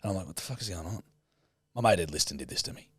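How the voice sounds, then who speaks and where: A man's voice: deep voice, lively intonation, very fast, husky, no room sound. A man co-hosting a podcast, telling a story in a loose, sweary, laughing way. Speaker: podcast co-host. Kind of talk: casual chat and storytelling.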